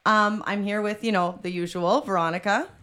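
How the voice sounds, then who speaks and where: A woman's voice: mid-range voice, moderate pace, a bit bright, smooth. A woman co-hosting a podcast in upbeat, teasing casual chat. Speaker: podcast co-host.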